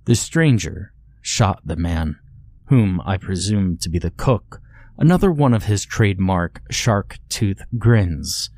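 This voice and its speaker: Deep-voiced man narrating horror. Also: lively intonation, darkish tone, dry recording. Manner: measured, grim storytelling.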